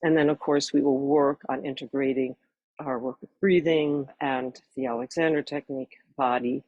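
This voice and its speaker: A woman in her sixties, a voice teacher, earnestly introducing her course at a measured pace with warm emphasis. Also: extremely low pitch, steady tone, dry recording, muffled recording.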